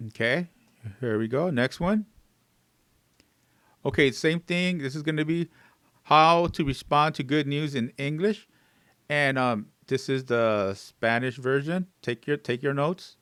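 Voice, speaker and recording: A male English teacher drills everyday phrases, saying them again and again, stretched word by word. His voice is smooth and clear, and the recording is dry and close to the mic, with no room sound. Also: mid-range voice, no echo. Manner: repeats phrases slowly, word by word, with rising emphasis; fillers and gentle asides to viewers.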